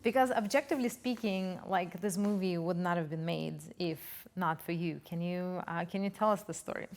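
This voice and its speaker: A woman hosting a casual interview podcast, asking questions in a relaxed, hesitant way with fillers. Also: lowish voice, moderate pace. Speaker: podcast host.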